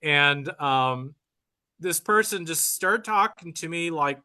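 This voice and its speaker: A man's voice: fairly high pitch, slow, clear, resonant tone. A man telling a funny story in casual chat on a live video call, laughing as he acts out other people. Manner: animated, laughs often, acts out other voices. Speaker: cousin of the musician, group guest.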